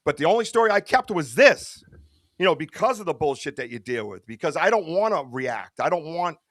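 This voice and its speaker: A man's voice: fairly high pitch, big pitch swings, brisk, a bit bright, dry recording, studio quality. A middle-aged man in a casual podcast chat, rambling and earnest, tossing in bro and dude. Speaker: podcast guest, Bigfoot researcher.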